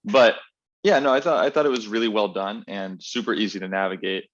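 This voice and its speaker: A man guesting in a casual chat over a remote call, relaxed and a little hesitant, laughing easily. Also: on the low side, a little fast. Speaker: podcast guest. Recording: dull lo-fi call audio.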